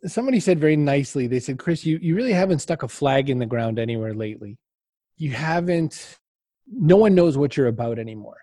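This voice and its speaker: Animated storytelling man, dry mellow voice. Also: mid-range voice, no echo. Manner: animated anecdotes, acts out quotes, laughs often. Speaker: interview guest, author. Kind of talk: casual storytelling in an interview.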